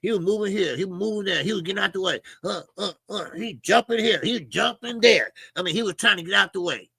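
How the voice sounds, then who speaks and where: A man's voice: sits high, fast, gravelly, bright, forceful tone, husky, dry recording, clean studio sound. A man hosting a casual boxing livestream, talking animatedly with swearing and greeting chat viewers by name. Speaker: boxing show host.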